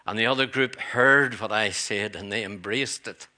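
Man, middle-aged pastor, church sermon, low voice, bright forceful tone, earnest repeats. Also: normal speed. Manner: earnest preaching with asides and rhetorical repeats.

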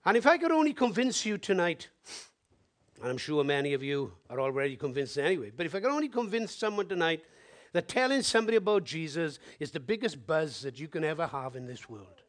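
A man from Wales, preaching in an animated storytelling style that swings between loud exclamations and hushed asides. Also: a little high. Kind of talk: sermon storytelling.

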